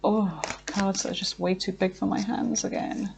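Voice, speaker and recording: A woman's voice: mid-range voice, flat delivery, normal speed, creaky, noisy background. Chatty woman giving a tarot reading. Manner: chatty, with frequent fillers and self-talk. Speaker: tarot reader.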